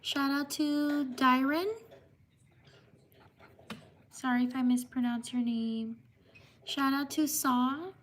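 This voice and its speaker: Woman livestream host, high voice, slow unhurried pace, apologetic, faint background noise. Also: fairly even intonation. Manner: slow, apologetic, drawn-out shout-outs. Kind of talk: livestream shout-outs.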